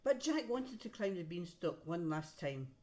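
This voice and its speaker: A woman reading a storybook aloud to a child, pausing to point out the pictures. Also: lowish voice, very animated, warm tone. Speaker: reader to a child.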